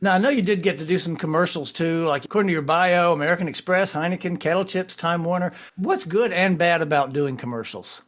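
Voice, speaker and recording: A man's voice: sits high, a little fast, hardly any pauses, fairly bright tone. A man hosting an interview, asking curious questions and encouraging his guest. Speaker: interview host. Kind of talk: podcast interview.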